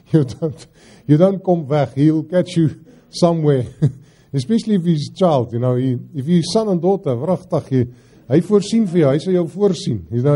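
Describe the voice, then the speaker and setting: A middle-aged man with a South African accent preaching a sermon, slipping Afrikaans phrases into his English and swinging between loud scripture reading and hushed pleading. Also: fairly high pitch. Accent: South African English, Afrikaans-inflected.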